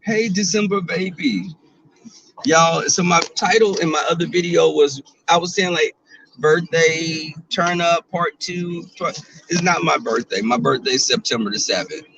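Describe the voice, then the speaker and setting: A man in his twenties with a Southern US accent talks to his viewers from behind the wheel, sassy and full of jokes. His voice sits a little high and rings bright and sharp, with faint noise behind him. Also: a little slow, vocal fry, rough recording. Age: 20s. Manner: sassy, joking, chatty. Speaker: vlogger streaming live. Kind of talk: casual chat. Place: car, driving.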